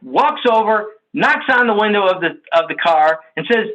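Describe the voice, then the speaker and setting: A man giving a sales training talk over a video call, telling a story in an animated, conversational way and checking in with his audience. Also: high-pitched, moderate pace, dull audio. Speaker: workshop presenter.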